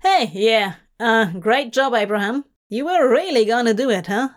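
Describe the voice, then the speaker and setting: A woman's voice: on the high side, lively intonation, moderate pace, natural voice. A woman voicing a snarky, irreverent male demon who talks brashly and sarcastically, in a storybook reading. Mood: mocking.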